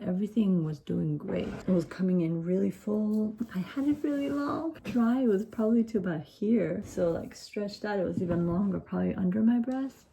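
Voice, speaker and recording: A woman's voice: lowish voice, creaky, dark tone, slight background noise. A woman talking casually to the camera in a rambling, chatty vlog, laughing often. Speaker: vlogger.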